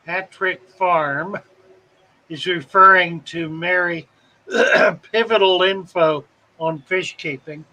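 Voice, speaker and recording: A man from South Carolina hosts a live stream in a relaxed drawl. His voice sits high and bright, and he talks slowly while chatting through viewer comments. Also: rough recording. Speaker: host of a live fish-keeping stream. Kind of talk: casual live-stream chat reading comments.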